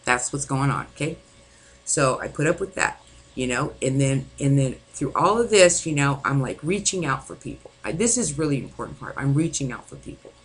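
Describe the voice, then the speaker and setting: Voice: mid-range voice, lively intonation, moderate pace, husky, low-quality recording. A distraught vlogger venting angrily to camera, swearing often and rambling with many fillers. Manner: angry, frequent swearing. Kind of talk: venting personal monologue.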